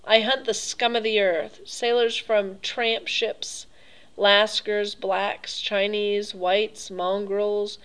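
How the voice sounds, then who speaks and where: A woman's voice: medium pitch, level tone, takes it slowly, a bit bright, clear, resonant tone, low-quality recording. A woman reading an audiobook, voicing a suave, cruel older male aristocrat with an urbane, mocking manner. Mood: smooth, mocking. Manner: urbane, mocking, coolly pleased.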